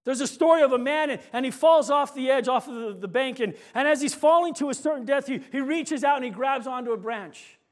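A man pastor preaching a sermon, telling stories and slowing down on key points. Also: extremely high pitch. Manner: storytelling preacher, slows for emphasis, rising to shouts in anecdotes.

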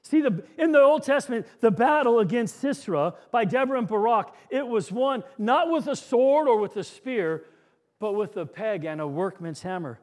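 A man preaching a sermon, telling stories and dropping to a soft hush on key lines. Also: extremely high pitch, animated, moderate pace.

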